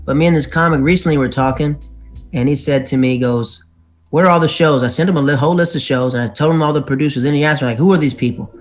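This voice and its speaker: A man, a stand-up comedian, chatting as a guest on a podcast and telling animated stories with acted-out quotes. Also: fairly high pitch, fast talker, faint music behind. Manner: animated storyteller who acts out other people's lines. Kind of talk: casual podcast chat.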